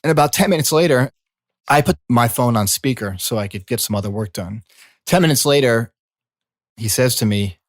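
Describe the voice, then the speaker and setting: A middle-aged man, a coach and former healer, speaking in a slow, soothing reflective monologue. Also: medium pitch, lively intonation, dry recording, studio quality. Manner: slow, soothing, drawn-out phrasing. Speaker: coach and former healing practitioner.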